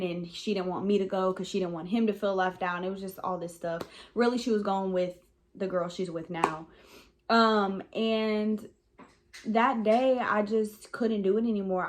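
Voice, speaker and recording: Frank young woman telling a story. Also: medium pitch. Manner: rambling, frank, lots of "um" and "like". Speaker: vlogger. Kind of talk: casual storytime monologue.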